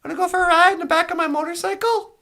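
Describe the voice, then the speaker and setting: A friendly biker in black leather makes a breezy, inviting offer, played by a woman. The voice is high and has some fry. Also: fairly even intonation, rapid-fire, bright, forceful tone, exaggerated voice.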